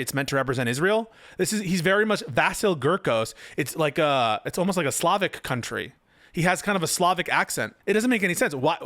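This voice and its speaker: A male commentator reacts to a written post, firing off incredulous, sarcastic rebuttals. His voice sits a little high. The sound is dry, with no room echo. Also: a bit bright. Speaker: political commentator.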